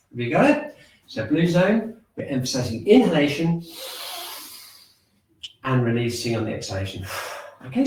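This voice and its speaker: A man leading a qi gong and shiatsu class, calmly talking people through breathing and stretching exercises step by step. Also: medium pitch, slight background noise. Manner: calm, gently instructive, talks through exercises step by step. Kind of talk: guided movement and breathing class. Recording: very echoey room, mic far off.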